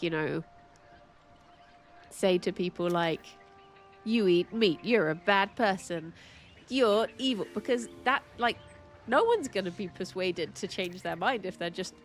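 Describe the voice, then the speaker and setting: A young woman chatting casually while streaming a game, full of "like"s and frequent laughs. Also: medium pitch. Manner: chatty, many "like"s, laughs often.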